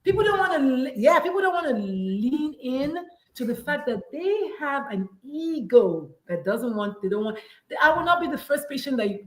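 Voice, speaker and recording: A woman from Nigeria hosting a casual chat, animated and acting out little dialogues as she explains her point. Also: a little high, reverberant, rough recording. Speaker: podcast host and parent coach.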